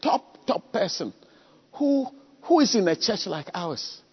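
A man preaches with a high, lively voice that swings up and down, husky at the edges. His sermon is full of animated stories and sudden loud cries. The sound is dull and lo-fi, ringing in a long church-hall echo. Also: slow pace.

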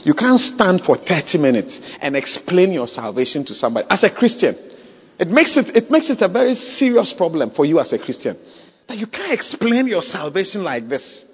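A man pastor preaching a sermon at a church service, emphatic and repetitive, leading the congregation in shouted call-and-response. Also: sits high, big pitch swings, brisk, husky, dull audio.

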